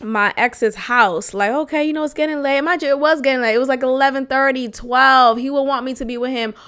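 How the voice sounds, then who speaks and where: A young adult woman hosting a podcast, telling a frank personal story in a profane, animated way and laughing often. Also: high voice, a little fast, clear, resonant tone. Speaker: podcast host. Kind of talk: candid storytelling monologue.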